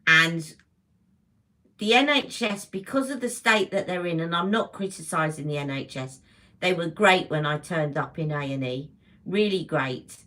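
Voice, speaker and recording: A woman hosting a casual beauty livestream, chatting warmly and greeting viewers by name as she talks. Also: lowish voice. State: emotional, close to tears.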